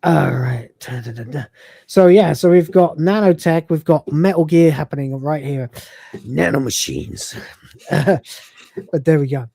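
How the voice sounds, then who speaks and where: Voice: mid-range voice, normal speed, gravelly, mellow, dry recording. A podcast host casually reviewing an episode, retelling scenes in a loose, chatty way with frequent laughs and swearing.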